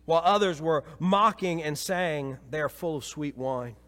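A man preaching a sermon as pastor, swinging from emphatic peaks to quiet low passages. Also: moderate pace. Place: church sanctuary. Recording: long reverb of a church hall.

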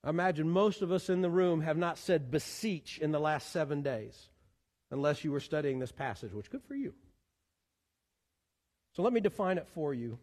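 A pastor, preaching a sermon in animated style with pleading repetitions. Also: male voice, fairly high pitch, normal speed. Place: church sanctuary. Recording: long church hall reverb.

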